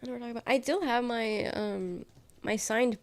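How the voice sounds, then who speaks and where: Speaking fast in a slightly high voice, a sick young woman with a stuffy, nasal sound chats casually on a livestream. She's in her bedroom with bare walls, rambling, trailing off and self-correcting.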